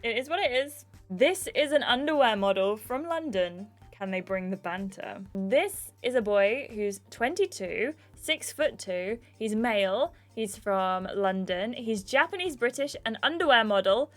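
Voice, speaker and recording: A young woman hosting a casual gaming video, chatty and excitable as she reads and reacts. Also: a little high, measured pace, few pauses, soft background music. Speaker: gaming channel host.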